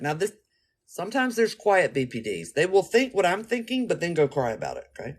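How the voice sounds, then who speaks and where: A woman vlogger telling a story in a casual monologue, blunt, profane and animated. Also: fairly low pitch, brisk, breathy edge.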